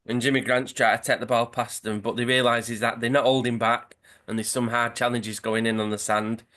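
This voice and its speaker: A man's voice: medium pitch, little pitch movement, brisk, fairly bright tone. Rambling man retelling a comic. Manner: rambling, with frequent fillers and restarts. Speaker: podcast host. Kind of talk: casual chat, retelling a comic story.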